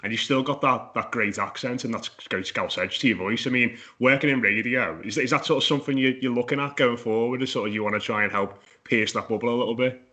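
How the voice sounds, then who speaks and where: A man's voice: mid-range voice, fast, hardly any pauses, pushed and bright. A man hosting a podcast interview over a Skype audio call, easygoing and often restarting his sentences. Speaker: podcast host. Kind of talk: casual interview.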